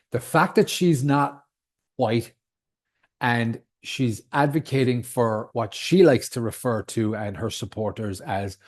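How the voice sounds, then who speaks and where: A man's voice: medium pitch, darkish tone. Ranting, swearing podcast host man. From outside the United States. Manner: heated, swearing, emphatic. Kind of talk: solo podcast rant.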